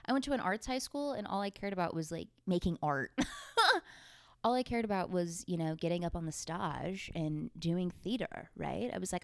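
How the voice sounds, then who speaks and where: A woman's voice: lowish voice, moderate pace, gravelly, a little mellow, dry recording, studio quality. A young adult woman hosting her podcast from a beanbag at home, casual, playful and self-mocking, swearing freely. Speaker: podcast host. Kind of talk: casual chat.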